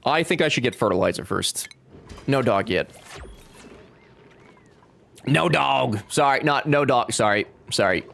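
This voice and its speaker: A man's voice: medium pitch, lively intonation, a little slow, creaky, pauses often, a bit bright. A young man chatting casually with his live-stream chat while playing a game, joking and talking back to viewers.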